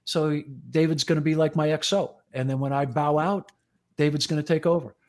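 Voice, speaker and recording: A man in his sixties tells rambling, profane stories with a grin, slipping into quoted voices of old friends. His voice sits a little high for a man, and he talks like a fire chief holding court among buddies. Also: fairly even intonation, a little fast, darkish tone. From United States. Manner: profane, jokey anecdotes with acted quotes. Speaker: guest, fire chief and magazine editor. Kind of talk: casual storytelling chat.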